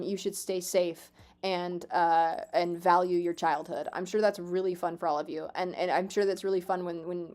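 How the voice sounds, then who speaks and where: A woman in her twenties streaming a game, chatting casually with her viewers, swearing freely, excitable and self-mocking. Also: on the low side. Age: 20s. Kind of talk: casual live-stream chat.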